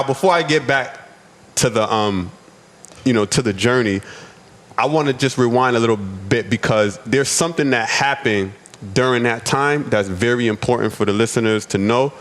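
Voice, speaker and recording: A man from the United States, a podcast guest, telling his own story earnestly and often repeating words as he goes. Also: mid-range voice. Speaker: podcast guest, restaurant owner. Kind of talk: personal storytelling.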